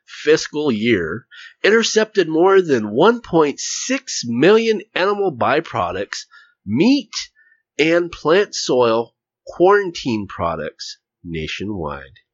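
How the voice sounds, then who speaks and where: A man talks casually as a podcast host, rambling through stories and joking between them. His pitch moves a lot from line to line. The sound is dry and a little dull, like a lo-fi recording. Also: very animated, takes it slowly, dry recording. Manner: jokey, rambling, puts on voices. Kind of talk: casual chat.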